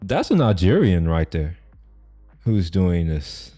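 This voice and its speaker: A man's voice: sits low, sing-song, takes it slowly, dark tone, soft background music. A man streaming as he reacts to a video, rambling casually with lots of restarts and frequent laughter. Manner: rambling, many fillers and restarts, laughs often.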